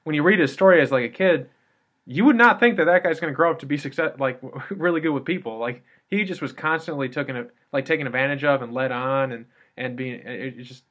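A man's voice: mid-range voice, brisk, fairly bright tone. An American man co-hosting a casual chat, talking in loose tangents and leaning on "like" and restarts. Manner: chatty, tangential, heavy use of "like". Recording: dull lo-fi recording.

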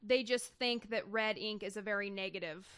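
A woman's voice: mid-range voice, moderate pace, fairly bright tone, clear, resonant tone, no echo. A woman co-hosting a comedy podcast who raises news items and dryly teases her co-host in casual chat. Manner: dry, teasing, brings up news stories.

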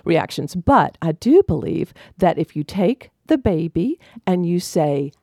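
A woman's voice: fairly low pitch, very animated, measured pace, darkish tone, dry recording, studio quality. A woman family life coach giving parenting advice in a confident, emphatic way. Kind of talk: casual parenting advice chat.

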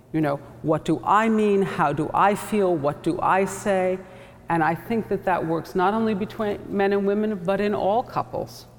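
A woman author with a measured, thoughtful delivery, reading from her novel and reflecting on it. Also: on the low side. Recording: echoey hall, faint background noise.

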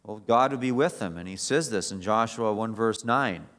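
A man's voice: on the low side, moderate pace. Man preaching an emphatic sermon. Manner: building to raised, emphatic preaching; shifting between quiet reflection and loud emphasis. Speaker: pastor.

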